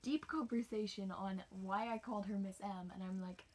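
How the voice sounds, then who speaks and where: A woman's voice: mid-range voice, steady tone, moderate pace, darkish tone. A young woman telling a casual, rambling story about her race, sometimes dropping into a whisper. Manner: chatty, rambling, drops into whispers. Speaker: homeschooled cross-country runner.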